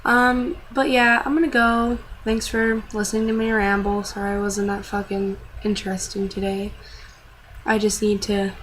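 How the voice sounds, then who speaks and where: A woman's voice: medium pitch, flat delivery, normal speed, a bit bright, a little hiss or hum, poor audio. Rambling, foul-mouthed young woman vlogger. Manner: rambling, profane, self-deprecating. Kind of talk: casual venting vlog.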